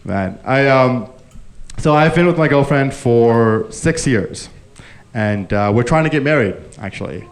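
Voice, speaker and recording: On a live comedy stage, a man who grew up Indian performs stand-up, telling stories and animatedly acting out the characters in them. His voice is medium-pitched and unhurried, with audience laughter in the background.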